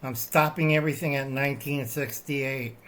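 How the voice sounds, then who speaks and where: This older man runs his own channel and rants in a wandering, satirical style while displaying objects to the camera, with "okay?" popping up after many lines. His mid-range voice sounds fairly bright, with fairly even intonation and a moderate pace.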